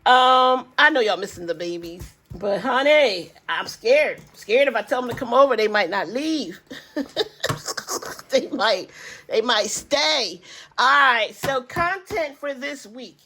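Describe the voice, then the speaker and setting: Woman, older, grandmother, budgeting vlogger, easygoing chatty rambler, slightly high voice. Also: animated, measured pace, sharp tone. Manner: chatty, rambling, addresses viewers as y'all. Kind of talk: casual chat to viewers.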